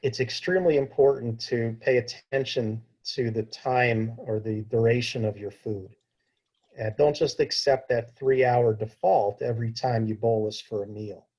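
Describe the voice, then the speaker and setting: Guy on a video call, kinda husky, explains insulin stuff patiently. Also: mid-range voice, fairly even intonation, moderate pace, a little mellow, poor audio. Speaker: diabetes educator answering questions. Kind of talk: informal Q&A talk.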